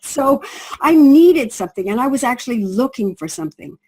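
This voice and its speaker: Husky woman telling a sales story. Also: a little high, normal speed, low-quality recording. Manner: animated storyteller acting out quoted voices. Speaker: product presenter.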